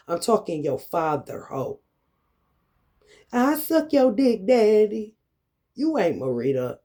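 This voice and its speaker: A man delivering an angry, confrontational ranting monologue to camera, full of swearing, swinging between loud outbursts and low muttering. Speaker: vlogger.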